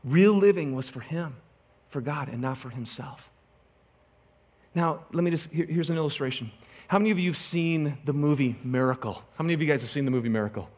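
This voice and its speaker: A man with a high, light voice delivers a sermon to his congregation. He tells a story with energy and teases the crowd as he goes. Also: a little fast. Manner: animated storytelling, joking with the congregation. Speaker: pastor.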